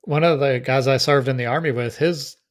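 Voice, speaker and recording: A man's voice: medium pitch, brisk. Brief: friendly podcast co-host, man, chatty, laughs a lot. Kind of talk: casual chat.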